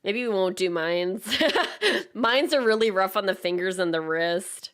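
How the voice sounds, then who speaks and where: A woman's voice: mid-range voice, measured pace, a bit bright, clear, resonant tone. Chatty Canadian woman streaming a speedrun. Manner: chatty and rambling, laughs often. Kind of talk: casual live-stream chat while gaming.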